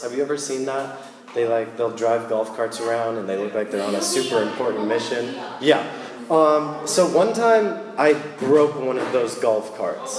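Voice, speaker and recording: A young man preaching a sermon in a church, casual and animated as he tells stories. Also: medium pitch, roomy sound, in a large hall.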